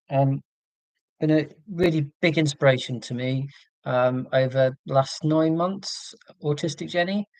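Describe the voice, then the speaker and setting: A man's voice: medium pitch, no room sound, low-quality recording. A man with an English received pronunciation accent, hosting a casual livestream and chatting with viewers, with frequent ums. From England. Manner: chatty, reads and answers live chat, many ums. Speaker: livestream host. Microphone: computer mic.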